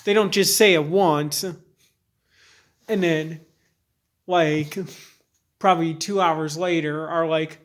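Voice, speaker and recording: A young man talking candidly to camera in a rambling, halting way, full of fillers and restarts. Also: a little high, fairly even intonation. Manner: earnest and candid. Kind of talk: personal vlog monologue.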